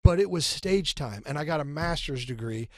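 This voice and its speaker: A middle-aged man telling an animated personal story as an interview guest. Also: fairly high pitch, moderate pace, dry recording, clean studio sound. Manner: animated, acts out his inner argument.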